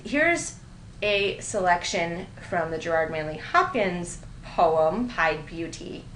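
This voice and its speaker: A woman's voice: fairly low pitch, expressive, slow, fairly bright tone, slight background noise. A woman teaching writing in a recorded grammar lecture, explaining with light amusement and reading example sentences aloud. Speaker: writing instructor. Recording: roomy echo.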